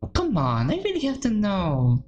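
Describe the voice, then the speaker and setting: Brief: woman reading an exasperated teen schoolgirl, pitched up, blunt and scolding. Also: huge pitch swings, normal speed, a little mellow, highs cut off, faint music behind. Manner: incredulous, scolding, then coaxing. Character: blunt, exasperated teenage girl club president.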